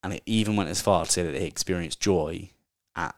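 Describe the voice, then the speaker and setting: A man's voice: deep voice, a little fast, dry recording, clean studio sound. A man hosting a casual solo podcast, talking in a chatty, candid way and swearing offhandedly. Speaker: podcast host.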